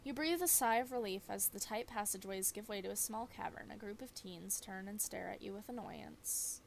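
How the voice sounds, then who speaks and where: Woman, game narration, measured storytelling, mid pitch, faint hiss. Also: gravelly. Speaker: streamer reading a visual novel.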